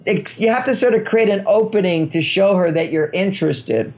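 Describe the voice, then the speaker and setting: A man's voice: high voice, moderate pace, a little mellow, dull audio. A man speaking as an author guest in a conversational interview, explaining in a playful way and chuckling often.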